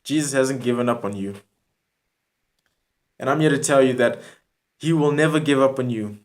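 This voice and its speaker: A man's voice: mid-range voice, normal speed. A man delivering an earnest spoken word sermon to a video audience, pleading and repeating his points. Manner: earnest, repetitive, pleading address to the viewer.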